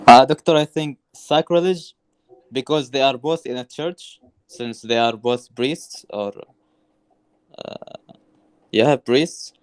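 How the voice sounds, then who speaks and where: A man's voice: medium pitch, slow, clear, resonant tone, no room sound. Man, student, hesitant answer, fillers, dry recording.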